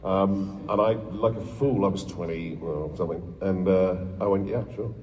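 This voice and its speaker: A man's voice: deep voice, fairly even intonation, normal speed, darkish tone. British man telling stories in an echoey hall. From England. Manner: rambling, self-deprecating, with many restarts. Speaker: panel guest, voice actor. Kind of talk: anecdotal storytelling on a panel. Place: large convention hall, filmed from the audience. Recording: distant, echoey convention hall recording.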